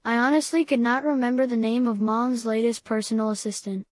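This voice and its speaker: A woman reads a first-person story aloud at a steady, even pace. Her voice sits a little high, and it is recorded close up with no room sound at all. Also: brisk, no echo. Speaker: audiobook reader.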